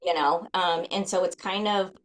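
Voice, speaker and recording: Woman, interview guest, lower voice, chatty, filler-heavy. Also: steady tone, low-quality recording. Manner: chatty, quick, many fillers. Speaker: guest, flour company founder. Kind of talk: casual interview chat.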